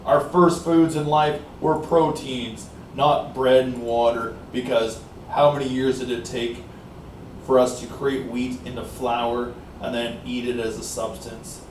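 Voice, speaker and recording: A Canadian man with a mid-range, fairly level voice rambles through a loose vlog monologue, out of breath from exercising and leaning on "like I said" and "uh" as he pauses. He sits far from the mic in a small, warm indoor room. The sound is roomy and off-mic, with a faint hiss underneath.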